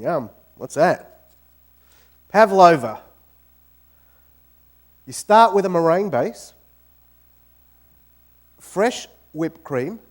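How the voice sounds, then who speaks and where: Brief: Australian man, guest speaker in an auditorium, fairly high voice, animated and jokey. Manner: joking, animated storytelling. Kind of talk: lively talk to an audience. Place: university auditorium.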